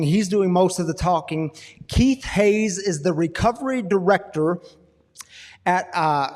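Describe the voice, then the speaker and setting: Upbeat host in a reverberant hall. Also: male voice, high-pitched. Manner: casual, upbeat, addresses crowd as y'all. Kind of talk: live church-style interview.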